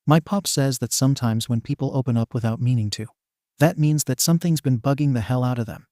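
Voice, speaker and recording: A man's voice: mid-range voice, a little fast, mellow, no room sound, studio quality, close to an everyday voice. A man voicing a laid-back teenage boy vigilante who talks casually and awkwardly, with some swearing.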